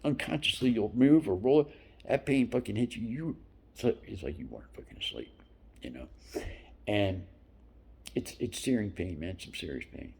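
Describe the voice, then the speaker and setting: Man, 50s, low husky gravel, lively swings in pitch, profane rambling storyteller with whispered asides. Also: normal speed, long pauses.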